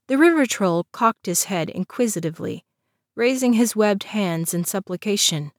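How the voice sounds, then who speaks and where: A woman narrating a story in an even storytelling manner. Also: mid-range voice, moderate pace, no echo, clean studio sound. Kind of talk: scripted narration.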